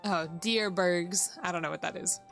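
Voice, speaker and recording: Woman, game streamer, casual chat, bright tone, faint background music. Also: fairly low pitch, steady tone, normal speed, gravelly. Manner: chatty, laughs often, talks to chat.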